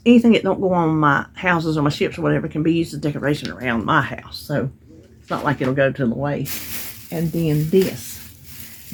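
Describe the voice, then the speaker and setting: A vlogger with a fairly low, darkish, slightly rough voice and vocal fry chats casually at home about things she bought and got in the mail. Her haul talk is chatty and full of stories, with Southern-style grammar.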